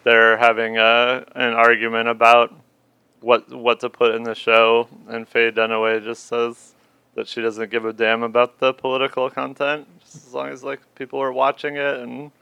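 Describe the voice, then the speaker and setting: A man's voice: mid-range voice, monotone, normal speed, vocal fry, clean tone, no room sound, dull audio. A man in a casual film discussion, talking in a laid-back, rambling way.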